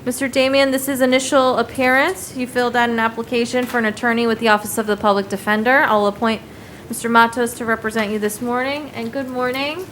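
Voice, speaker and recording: Brisk woman judge, slightly high. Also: steady tone, fairly bright tone. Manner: brisk, procedural, repeats conditions slowly. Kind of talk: courtroom proceedings. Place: courtroom. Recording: faint room noise, heater.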